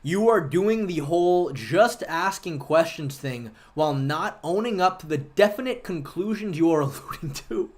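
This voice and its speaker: A man's voice: fairly high pitch, expressive, moderate pace, hardly any pauses. A man hosting a livestream, chatting casually and argumentatively with viewers and swearing freely. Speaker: livestream host.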